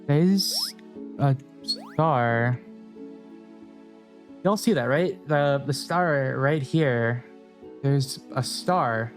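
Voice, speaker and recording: A man streaming a game, musing aloud to his chat and reading the story text out loud. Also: medium pitch, animated, extremely slow, pauses often, faint music behind. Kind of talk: game let's play with read-aloud text.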